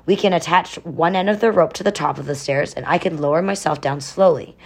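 A woman's voice: low voice, fairly quick, husky. A woman voicing an upbeat, resourceful young girl in a storybook reading, confident and breezy.

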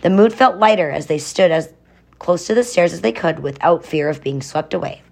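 A woman's voice: fairly low pitch, normal speed, vocal fry, a little mellow. A woman narrating a children's adventure story, adding chatty explanatory asides.

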